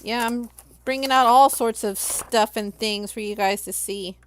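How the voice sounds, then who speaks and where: A woman's voice: on the high side, measured pace, a little hiss or hum. A young adult woman from Los Angeles, chatting casually on a live stream and talking viewers through each crafting step.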